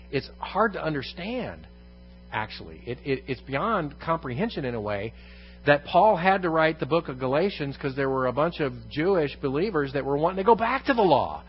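A man's voice: a little high, slightly rough, muffled recording. A man teaching a congregation in an evening Bible lesson, repeating key phrases for emphasis and putting questions to the room. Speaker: pastor. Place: church room.

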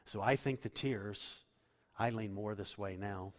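A man's voice: lowish voice, measured pace. Impassioned male preacher in a reverberant hall. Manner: impassioned preaching, swinging from loud emphasis to hushed tones. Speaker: pastor. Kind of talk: sermon.

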